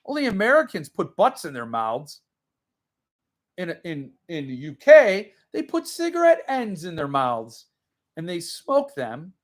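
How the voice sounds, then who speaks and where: High-voiced man rambling on a livestream. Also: wildly swooping pitch, measured pace. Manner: rambling, reads chat comments aloud. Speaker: book channel host. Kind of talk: casual livestream chat. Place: home room.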